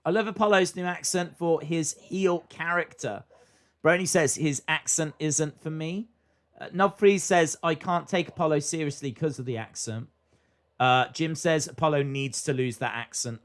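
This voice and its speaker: A man's voice: on the high side, moderate pace. A man hosting a live stream, chatting casually as he reacts to a wrestling show and reads viewer comments aloud.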